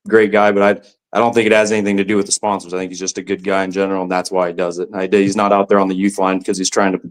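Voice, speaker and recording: Deep, flat-voiced sincere man. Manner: sincere, halting, with restarts. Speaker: podcast guest, racer. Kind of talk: casual conversation.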